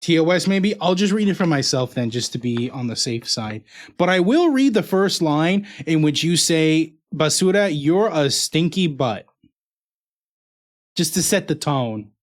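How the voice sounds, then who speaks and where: A man's voice: on the high side, very animated, moderate pace. A male streamer casually chatting with his viewers and his dog while opening fan mail. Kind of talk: casual live-stream chat.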